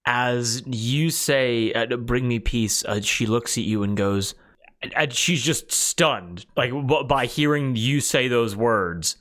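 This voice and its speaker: A man's voice: medium pitch, takes it slowly, a bit bright. A man narrating as game master of a tabletop game, rambling with fillers. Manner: rambling, many fillers and restarts.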